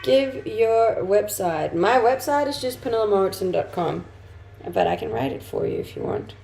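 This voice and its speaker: A woman's voice: medium pitch, very animated, moderate pace, vocal fry, warm tone, a little hiss or hum. A young adult woman streaming live, chatting casually and reading comments aloud with easy laughs. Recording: roomy sound with faint music behind.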